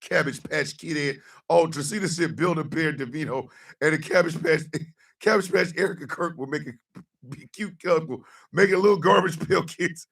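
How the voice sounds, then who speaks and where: A man hosting a radio show, joking loudly with profane rants, mock outrage and sudden shouted lines. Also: fairly high pitch, moderate pace, gravelly, husky, far from the mic. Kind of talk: loud comedic live-stream banter.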